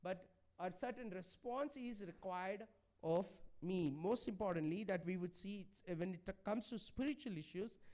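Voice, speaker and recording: A man's voice: high-pitched, moderate pace, darkish tone. A man preaching a sermon in a church, pleading and conversational, often checking in with the congregation. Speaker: pastor.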